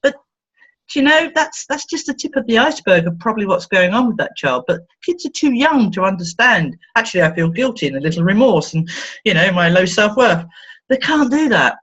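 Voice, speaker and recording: A woman's voice: sing-song, fairly quick, a bit bright, slightly rough. A woman therapist talking in an interview, telling stories playfully and acting out the voices she quotes. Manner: playful, acts out quoted voices with big pitch swings. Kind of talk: animated storytelling in conversation. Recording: dull lo-fi sound.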